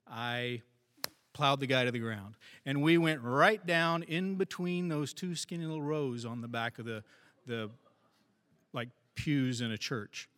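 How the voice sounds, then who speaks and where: A man's voice: on the high side, a bit bright. Man telling a story in a reverberant hall. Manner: wry, self-deprecating storyteller. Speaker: former police officer. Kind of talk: first-person storytelling.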